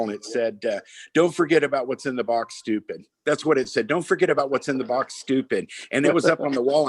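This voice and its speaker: A man's voice: medium pitch, a little mellow, dry recording, low-quality recording. An older man, a guest auctioneer, telling long casual stories full of fillers and restarts. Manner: rambling anecdotes with many fillers and restarts. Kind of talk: casual storytelling chat.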